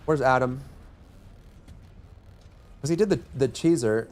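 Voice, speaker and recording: A man's voice: medium pitch, measured pace, a little mellow. A man streaming a game live, rambling and joking with his teammates in casual chat. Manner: rambling and jokey, chatting with teammates. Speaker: livestreamer and gamer.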